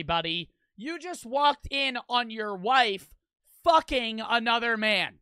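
A young man riffing on a live stream, blunt and profane as he reacts and reads out donations. His voice is high, very bright and crisp. The sound is dry and close. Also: lively intonation, slow pace, no echo. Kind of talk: casual stream commentary.

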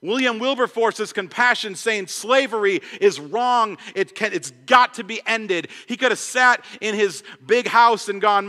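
Young guy preaching, high bright voice, fired up and tripping over his words, church hall echo. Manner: passionate, fast-talking preacher with many restarts and acted quotes. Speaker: pastor. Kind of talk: sermon. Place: church sanctuary. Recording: long church hall reverb.

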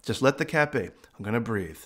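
Animated man telling funny stories. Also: mid-range voice, brisk. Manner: animated, laughing, acts out quoted voices. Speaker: psychic medium telling stories. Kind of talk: casual storytelling monologue.

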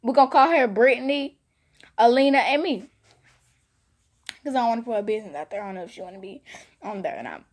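This woman vlogger rambles through a casual storytime, addressing her viewers directly with animated energy. Her voice leans high and she talks fast, though she leaves long pauses. She repeats phrases for emphasis.

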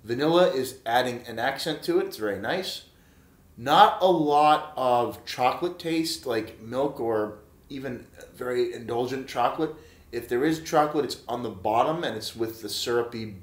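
This beer-reviewing vlogger speaks at normal speed with a medium pitch, his voice echoing in the room. Chatty and excited, he addresses his viewers directly as "guys" and often repeats himself.

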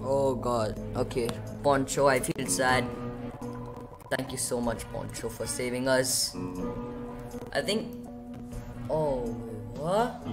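A male gaming host giving casual gameplay commentary, excitable, yelping high and repeating himself. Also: slow pace, pauses often. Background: game music playing under the voice.

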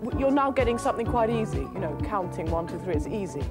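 A woman's voice: medium pitch, lively intonation, fast talker, loud music behind the voice. A woman voice coach leading a workshop on a TV studio stage, coaxing the audience through exercises.

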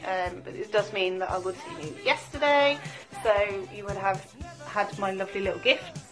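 A woman recording an emotional birthday video message on a phone, quiet and close to tears. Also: medium pitch, normal speed, music in the background. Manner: warm, emotional, quietly tearful.

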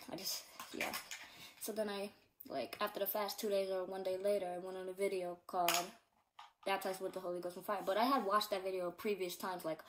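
A woman's voice: medium pitch, noisy background. A teenage girl at home giving a casual personal testimony, earnest and rambling, with many fillers and repeats. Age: teens. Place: at home in a bedroom.

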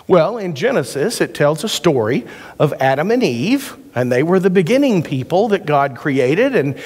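A man's voice: on the high side, very animated, a little mellow, breathy edge. A man pastor giving a sermon, mixing scripture with folksy stories and jokes. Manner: folksy storytelling with quick jokes. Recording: church hall reverb.

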